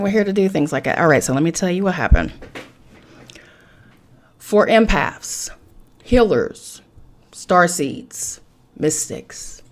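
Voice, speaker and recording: A woman hosting a podcast, giving a casual tarot reading in an animated, profane way, with loud bursts and low asides.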